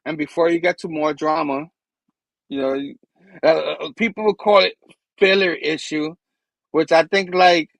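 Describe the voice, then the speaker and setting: A man co-hosting a casual comic book review, speaking relaxed and loose with lots of fillers. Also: on the high side, normal speed, creaky, pauses often, no room sound. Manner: relaxed, filler-heavy, lots of "you know what I mean". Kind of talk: casual chat.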